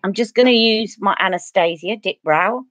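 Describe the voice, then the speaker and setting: A woman's voice: mid-range voice, moderate pace, a bit bright, no room sound, dull audio. A Cockney woman from East London, a beauty vlogger chatting casually and rambling through stories while doing her makeup on a livestream.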